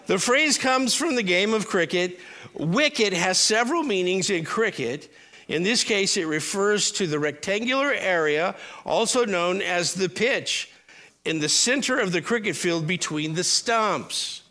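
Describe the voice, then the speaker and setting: A male pastor delivers a sermon in a church service with a slightly high, bright voice. He talks in a loose, conversational way and throws joking asides to the congregation. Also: expressive, measured pace.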